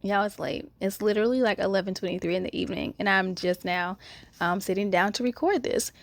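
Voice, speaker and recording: Telling a story to her viewers late at night from home, a young North Carolina vlogger chats with animation and uses pet names like honey and baby. Her medium-pitched voice is gravelly and brisk.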